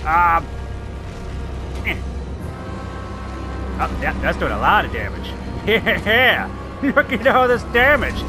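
A man giving loud, excitable gameplay commentary, shouting, joking and swearing as he plays. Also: sits high, normal speed, long pauses. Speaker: let's play gamer. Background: loud game music.

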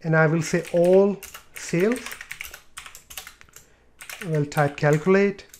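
Male tutor, higher-pitched, talks through each click plainly, light typing in background. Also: steady tone, slow pace, a little mellow, a little hiss or hum. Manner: explains step by step with fillers and repeats. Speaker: tutorial presenter. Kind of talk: screen-recorded software tutorial.

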